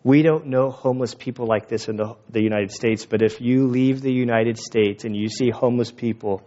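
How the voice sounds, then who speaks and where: A man preaching as a pastor, conversational and animated, with quick asides. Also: medium pitch. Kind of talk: sermon. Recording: dull lo-fi recording.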